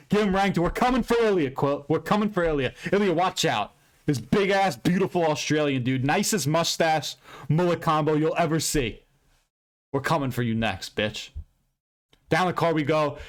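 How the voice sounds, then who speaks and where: A man giving a casual, profane and rambling recap of a fight card, with bursts of excitement. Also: a little high. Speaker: MMA commentator recapping fights.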